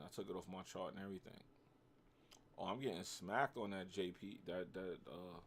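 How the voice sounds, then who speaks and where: A livestream host with a New York accent talks loosely with his chat in a slangy, joking way. His voice sits on the low side. A faint background hum runs under his speech. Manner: slangy, banters with chat, reacts to trades.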